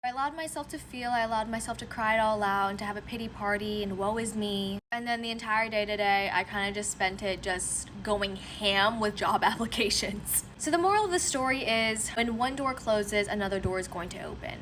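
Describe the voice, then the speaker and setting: A woman's voice: mid-range voice, brisk, hardly any pauses, fairly bright tone. A woman telling a casual storytime in an emphatic, preachy pep-talk manner. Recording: noisy background.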